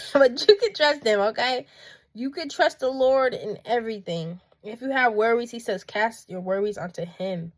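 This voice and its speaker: A woman speaks in a high, bright register. She preaches in an emphatic, heartfelt monologue and hammers her points home by repeating them. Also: animated, moderate pace. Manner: passionate, emphatic, repeats phrases. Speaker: faith vlogger.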